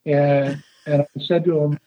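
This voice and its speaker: An older man being interviewed, telling a story in a halting, rambling way with repeated words. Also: on the high side, flat delivery. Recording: dull lo-fi recording.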